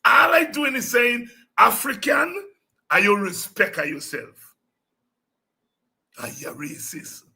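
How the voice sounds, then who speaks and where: Gravelly animated man hosting. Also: very high voice, takes it slowly, long pauses. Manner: animated storytelling, breaks into singing and shouting. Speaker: show host. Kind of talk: lively political talk show monologue.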